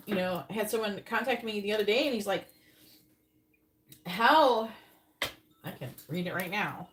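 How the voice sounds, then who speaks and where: A woman's voice: mid-range voice, a little fast, noisy background. A woman giving a live-stream tarot reading, talking bluntly in a rambling way and swearing casually. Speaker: tarot reader.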